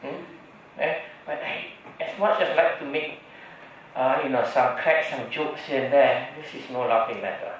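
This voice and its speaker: A man's voice: medium pitch, moderate pace, slight background noise. A man with a Malaysian English accent, a doctor giving a public talk, chatty, often checking in with the audience with "right?" and "okay?". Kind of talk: lecture to an audience. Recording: echoey hall, distant dull mic.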